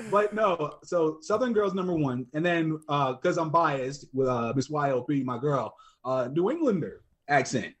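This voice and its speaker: A man's voice: fairly high pitch, lively intonation, measured pace. A young man as a podcast guest, talking in a laid-back, slangy way and laughing often. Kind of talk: casual podcast chat.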